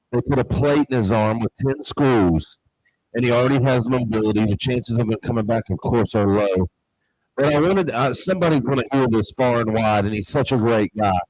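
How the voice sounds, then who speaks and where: A man's voice: medium pitch, darkish tone, a little hiss or hum, poor audio. A middle-aged man, a show host, talking in a heartfelt, rambling way and getting emotional. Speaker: show host and restaurant owner. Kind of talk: casual chat.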